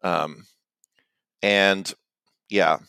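A man co-hosting a comedy podcast in a slow, deadpan drawl, pitched a bit low. His voice is smooth and clear. The room sound is dry and close. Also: no echo. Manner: deadpan, halting with many "okay"s. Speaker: podcast co-host. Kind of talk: casual comedic podcast banter.

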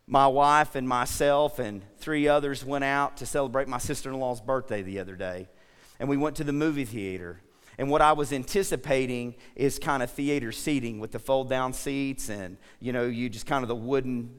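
Pastor preaching in a reverberant church. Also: male voice, mid-range voice, normal speed, clean tone. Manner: lively storytelling, asks the congregation questions. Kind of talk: sermon. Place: church sanctuary. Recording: long hall reverb.

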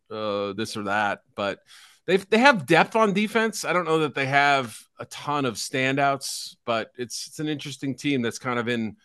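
A man's voice: medium pitch, bright, forceful tone, smooth, dry recording, clean studio sound. A middle-aged man co-hosting a casual football draft talk, chatty and hedging, with a self-deprecating streak. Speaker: football draft analyst co-host.

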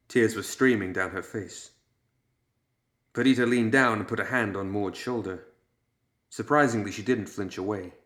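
A man reading a story aloud as audiobook narrator, measured and steady. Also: fairly low pitch, roomy sound.

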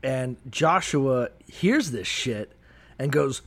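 This comedy podcast co-host has a fairly high voice and speaks at a moderate pace. He delivers profane, animated commentary on a bible story, breaking into the characters' voices partway through.

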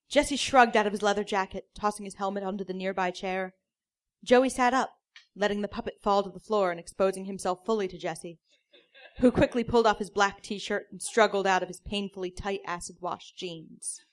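A woman comedian reading a story aloud in a deadpan manner, now and then cracking up. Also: medium pitch, normal speed. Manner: deadpan, breaks into laughter.

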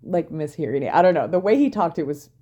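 A woman's voice: low-pitched, animated, quick pace, mellow, highs cut off. A young woman co-hosting a podcast, recapping a reality show in a wry, chatty way and laughing often. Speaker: podcast co-host.

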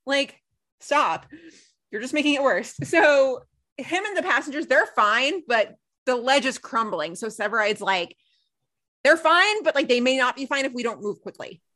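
Young woman, podcast co-host, animated storytelling, bright tone. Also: high-pitched, normal speed. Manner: animated storytelling, acts out quotes. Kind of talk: casual recap chat.

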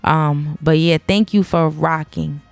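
A woman's voice: low-pitched, steady tone, takes it slowly, creaky, no echo, faint music behind. Tearful, rambling woman podcast host. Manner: rambling, emotional and earnest. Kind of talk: casual solo podcast monologue. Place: home.

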